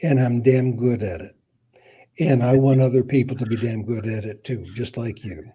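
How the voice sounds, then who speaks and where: A man as a guest on a podcast, talking casually and telling jokes slowly and dryly. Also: mid-range voice, fairly even intonation, husky, highs cut off. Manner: slow, dry joke-telling. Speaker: guest scholar. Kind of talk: casual interview chat.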